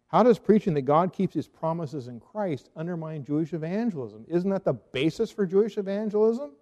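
A man giving a theology talk as a Reformed pastor, arguing earnestly and firing off rhetorical questions. His voice is mellow and warm. It trails off in a hall with a long reverb. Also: on the high side, animated, fairly quick.

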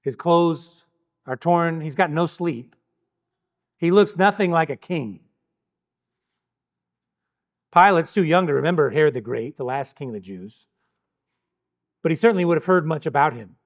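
Guy teaching bible stuff, slow and emphatic, pauses on big words, kinda muffled lo-fi audio. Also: on the high side, expressive. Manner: measured and emphatic, with deliberate pauses. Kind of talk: scripted Bible teaching narration.

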